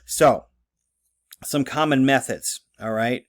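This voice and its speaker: A man's voice: medium pitch, takes it slowly. A man teaching writing in a conversational lecture, with many fillers and frequent "okay?" checks. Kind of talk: recorded classroom lecture.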